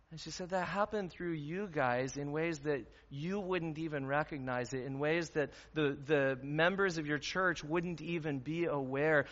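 A man's voice: on the high side, fairly bright tone. A man preaching a sermon as a pastor, talking in an earnest, conversational way with fillers. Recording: dull sound with long hall reverb.

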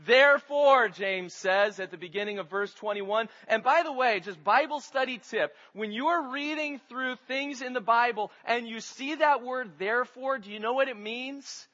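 A man's voice: very high voice, moderate pace, few pauses, pushed and bright, long reverb tail, dull audio. A man pastor preaching a sermon, teaching his congregation with rhetorical questions.

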